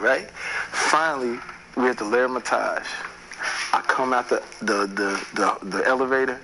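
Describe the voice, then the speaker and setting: A man at a middle pitch tells a rambling, profane anecdote as an interview guest. He speaks animatedly and colorfully, and loud noise hisses under the recording. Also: fairly even intonation, moderate pace. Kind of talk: storytelling interview.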